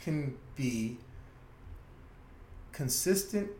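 A man co-hosting a podcast in casual banter, swearing freely, laughing often and telling stories with animated quoted voices. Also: medium pitch, slow, a little hiss or hum. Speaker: podcast co-host. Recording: echoey room.

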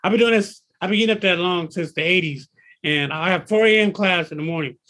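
A man in his fifties who works as a personal trainer, talking in a high voice with a husky edge. He speaks in an excitable, emphatic way and circles back to repeat his points. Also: fast. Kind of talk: casual interview talk.

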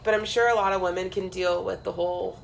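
A woman's voice: lowish voice, fast talker, gravelly, a little hiss or hum, rough recording. A young woman co-hosting a podcast, telling stories in casual chat, acting out quotes and swearing freely. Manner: animated storyteller who acts out quotes and swears freely. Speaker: podcast co-host.

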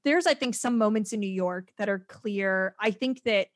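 A woman chatting casually as a podcast guest, animated and quick to laugh, with lots of fillers and restarts. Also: mid-range voice, no echo, clean studio sound.

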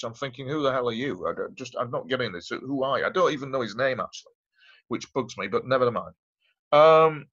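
A man in middle pitch tells his story as an interview guest, rambling and emphatic and circling back on his own words. The audio is dull and lo-fi, with the top end muffled. He talks casually, as if chatting with a mate. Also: a bit bright. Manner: rambling, emphatic, repeats himself.

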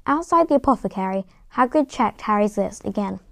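A woman's voice: medium pitch, animated, fairly quick, vocal fry, few pauses, no echo. A woman reading a novel aloud in plain storytelling, with occasional stumbles and restarts. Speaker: reader.

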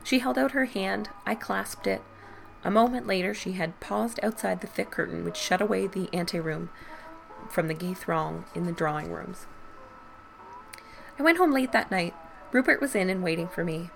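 A woman podcast host reading a Victorian ghost story aloud with measured storytelling. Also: lowish voice, gravelly, a little hiss or hum.

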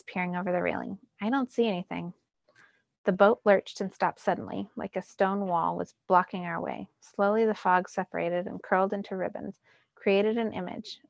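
Teacher reading a novel aloud, gravelly, dry close sound. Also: female voice, mid-range voice, dry recording, highs cut off. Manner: first-person narration with lively emphasis.

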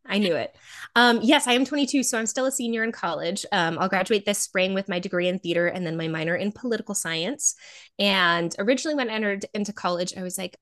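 A woman's voice: medium pitch, fast, fairly bright tone. A woman in her twenties, a podcast guest speaking from her bedroom, friendly and articulate. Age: 20s. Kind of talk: casual interview conversation.

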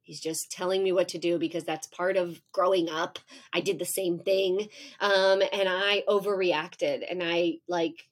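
A woman's voice: on the low side, fairly even intonation, measured pace. A woman in her forties, a professor speaking as a podcast guest, explaining in a frank, self-mocking way and acting out her own outbursts. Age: 40s. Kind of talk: candid conversational explaining.

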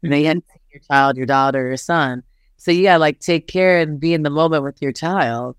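A woman's voice: low-pitched, fairly quick, clear, resonant tone, no room sound, clean studio sound. A middle-aged woman, a basketball head coach, talking candidly in an interview, telling stories animatedly with lots of "like" and acted-out quotes. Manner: animated storytelling, frequent "like" fillers, acts out quotes.

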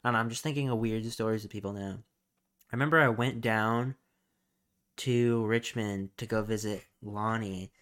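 A young man co-hosting a podcast, telling stories in a laid-back, profane way and mimicking yelling strangers. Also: on the low side, steady tone, normal speed, smooth. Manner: laid-back storyteller, acts out yelling people. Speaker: podcast co-host. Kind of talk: casual chat.

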